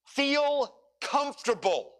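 A man preaching a sermon, leading his congregation through scripture with dramatic pauses and emphatic repetition. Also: very high voice, sing-song. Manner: preaching with dramatic pauses, rising to near shouts. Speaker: pastor.

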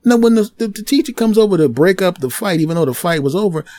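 A podcast host telling a funny story from his school days in an animated way, acting out the other people's lines and making sound effects with his mouth. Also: sits high, fast, no room sound. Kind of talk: comic storytelling monologue.

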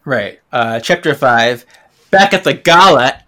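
A man's voice: medium pitch, slow pace. Man animatedly recapping chapters. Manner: animated recapping, acts out characters. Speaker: podcast co-host. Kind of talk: casual book discussion.

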